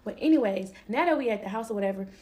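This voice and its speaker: Fast-talking animated woman. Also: mid-range voice, a little hiss or hum. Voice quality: animated, emphatic, quick to laugh. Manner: slangy and expressive, acting out quoted lines. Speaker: storyteller. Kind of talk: casual storytime.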